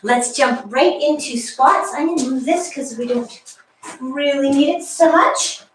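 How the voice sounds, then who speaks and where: Here a female fitness instructor counts reps for her class in a high-pitched voice at a measured pace, chatting a little as she goes and breathing slightly hard. The echoey exercise room with a wall is picked up by a distant mic, along with slight background noise.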